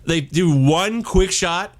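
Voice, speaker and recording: A man's voice: sits high, slow. A man co-hosting a movie podcast, blunt and profane, joking as he talks. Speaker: podcast co-host. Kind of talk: casual movie review chat.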